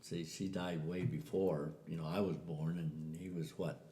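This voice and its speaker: A man's voice: low-pitched, flat delivery, measured pace, warm tone. An older man telling a family story in a casual way, acting out the voices of the people in it. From US Southwest. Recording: echoey room.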